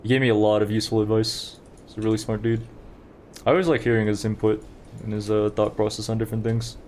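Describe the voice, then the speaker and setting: Low-voiced young man streaming a game. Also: little pitch movement, fast talker, a little mellow, a little hiss or hum. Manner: chatty, rambling, talks to chat while playing. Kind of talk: casual gameplay commentary.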